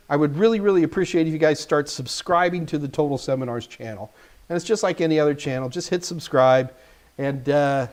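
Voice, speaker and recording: A man's voice: a little high, darkish tone. A man hosting a live stream, answering viewers' tech questions in a casual, joking way and talking straight to the chat.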